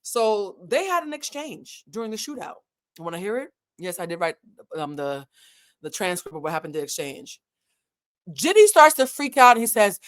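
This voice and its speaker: A woman hosts a commentary channel and tells a story casually, with plenty of swearing. Her pitch swings widely and her voice jumps up sharply when she reads quotes with emphasis. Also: normal speed. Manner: animated, profane, reads quotes with emphatic bursts.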